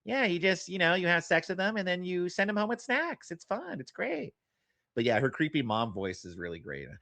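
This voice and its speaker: A man's voice: high-pitched, big pitch swings, moderate pace, vocal fry, pushed and bright, dry recording. A man streaming and reacting to a clip with sarcastic, mocking commentary. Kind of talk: casual chat.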